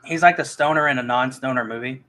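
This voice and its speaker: A man's voice: medium pitch, quick pace, pushed and bright, rough recording. A man reviewing movies in a casual, rambling chat, full of restarts and fillers.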